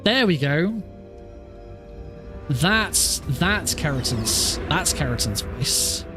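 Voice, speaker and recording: A man's voice: on the high side, very animated, slow, music in the background. A man streaming a speedrun who chats casually, thinks aloud and often restarts his sentences. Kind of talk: casual live-stream chat.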